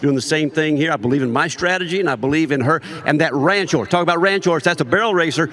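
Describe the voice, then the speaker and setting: A man's voice: fairly high pitch, fast talker, fairly bright tone. Confident man giving rodeo picks. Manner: confident, makes his case with stats. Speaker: rodeo analyst. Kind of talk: casual panel chat.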